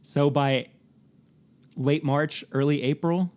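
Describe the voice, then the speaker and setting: This co-host has a somewhat high, slightly mellow voice, keeping a steady tone and an unhurried pace. On a casual podcast he chats through facts, with plenty of fillers and laughs along the way.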